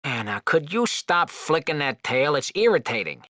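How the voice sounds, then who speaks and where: A man's voice: fairly high pitch, big pitch swings, normal speed, bright, forceful tone, dry recording, clean studio sound. An actor playing a flirtatious, wisecracking floating male skull, teasing and sarcastic in game dialogue.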